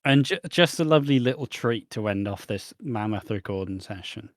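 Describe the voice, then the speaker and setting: A man's voice: on the low side, expressive, normal speed, dry recording, studio quality. A man co-hosting a casual podcast, telling a rambling story full of restarts and acted-out dialogue. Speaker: podcast co-host.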